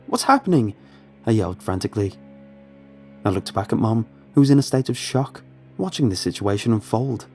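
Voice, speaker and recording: A man narrating a horror story in a measured, suspenseful way. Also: medium pitch, mellow, breathy edge. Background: faint music.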